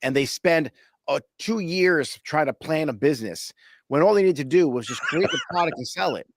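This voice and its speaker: A man's voice: a little high, expressive, moderate pace, no echo. A man hosting a podcast, talking business in a blunt, casual way and swearing now and then. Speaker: podcast host.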